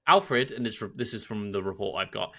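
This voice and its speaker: English podcast co-host, male, bright and animated, chatty storyteller who laughs easily. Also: fairly low pitch, normal speed. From England. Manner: lively, laughs often while telling a story. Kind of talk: casual storytelling chat.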